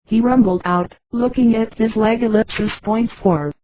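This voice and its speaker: Flat synthetic woman narrating a story. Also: a little high, normal speed, poor audio. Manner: flat synthetic reading, reads punctuation aloud.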